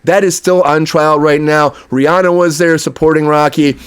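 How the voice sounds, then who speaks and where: A man's voice: fairly high pitch, fairly even intonation, normal speed, clean tone. A man hosting an entertainment news show, giving casual, opinionated commentary with frequent asides to his viewers. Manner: chatty, opinionated, lots of fillers and asides to viewers.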